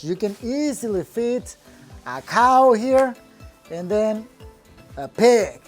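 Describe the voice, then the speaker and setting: Man, contractor type, plainspoken and upbeat, recorded outdoors with soft music underneath. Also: sits high, lively intonation, slow pace. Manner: upbeat, plainspoken, proud of the work. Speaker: landscaping contractor. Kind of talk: casual project walkthrough. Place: outdoors in a backyard patio.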